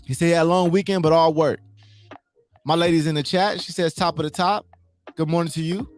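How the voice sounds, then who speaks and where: Guy with a high lively voice hyping up his chat, repeats stuff for emphasis, faint music behind. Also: brisk. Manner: emphatic, repeats his points, asks the audience questions. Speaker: motivational livestream host. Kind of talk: casual motivational talk.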